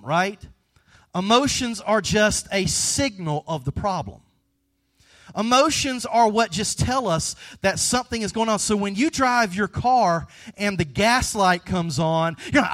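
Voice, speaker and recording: A pastor preaching a sermon, switching between conversational asides and hushed, earnest passages, with playful jokes aimed at the congregation. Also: fairly high pitch.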